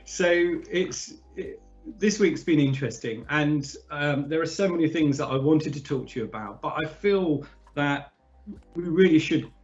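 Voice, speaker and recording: A man hosting a discussion in a relaxed, chatty way, often pausing and restarting his sentences. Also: fairly high pitch, muffled recording, faint music behind. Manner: hesitant, many fillers and restarts. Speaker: podcast host. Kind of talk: casual conversational hosting.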